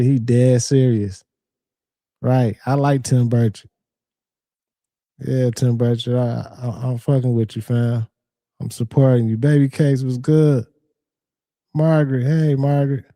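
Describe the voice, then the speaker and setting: Brief: young male reaction host, slangy and laid-back, very dark mellow tone, close dry sound. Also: mid-range voice, flat delivery, unhurried, no room sound. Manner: laid-back slangy banter, talks to chat. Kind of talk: casual reaction commentary.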